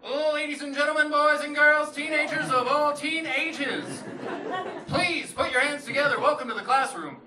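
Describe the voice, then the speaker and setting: A man voicing a male schoolteacher who announces himself like a ring announcer, with big drawn-out calls. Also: very high-pitched, background noise, voice pushed up. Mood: showboating. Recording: echoey club, loud crowd, from far off.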